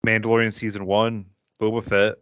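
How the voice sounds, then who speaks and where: A man's voice: lowish voice, flat delivery, a little fast, a bit bright, smooth, dry recording. A man with a Midwestern American accent, co-hosting a podcast and telling long rambling fan stories. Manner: enthusiastic fan, rambling storyteller. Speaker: podcast co-host. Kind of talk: casual chat. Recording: dry, dull lo-fi podcast audio.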